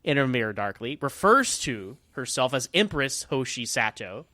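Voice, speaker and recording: A man's voice: medium pitch, very animated, normal speed, bright, forceful tone, no room sound, studio quality. A man who is a guest on a podcast, chatting playfully and joking, often stumbling over his words. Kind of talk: casual chat.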